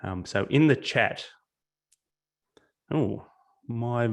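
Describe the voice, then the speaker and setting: A man's voice: mid-range voice, drawn-out words, vocal fry. A man with an Australian accent giving a live webinar talk as a guest speaker, chatty and self-deprecating, telling stories over a video call.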